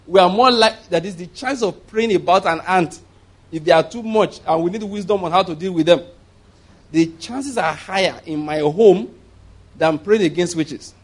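A man's voice: high voice, moderate pace, slightly rough. A man preaching a conversational sermon as pastor, rambling through asides and chuckling often.

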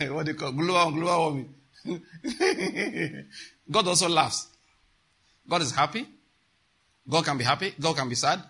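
Preacher guy, pretty high voice, super bright and sharp, keeps asking the church if they get it. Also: slightly rough. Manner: emphatic, asks the congregation questions. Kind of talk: sermon.

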